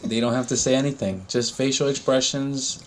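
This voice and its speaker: A man at mid pitch co-hosts a casual podcast chat. He makes his point with emphasis and says it again several times. His talk is loose and conversational. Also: a little fast. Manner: emphatic, repeats himself.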